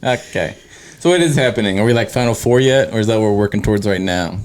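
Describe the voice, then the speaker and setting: Young adult male host, low-pitched, dry and teasing, casual sports chat. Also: fast. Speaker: podcast host.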